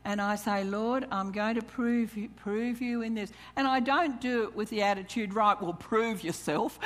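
A woman's voice: a little high, fairly even intonation, moderate pace. A woman preaching a sermon to a congregation, calling out questions to them and reading scripture aloud. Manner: calls questions to the congregation, reads scripture, chuckles. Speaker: church speaker. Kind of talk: sermon on tithing.

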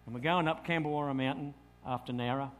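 A middle-aged Australian man, a pastor telling a lively story in a sermon and acting out his own thoughts. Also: mid-range voice, quick pace, slight background noise.

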